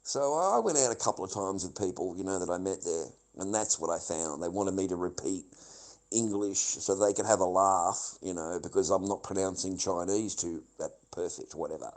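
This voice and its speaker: A man's voice: deep voice, normal speed, poor audio. A middle-aged man, giving a rambling, bitter and heavily profane livestream monologue that loops back on the same points.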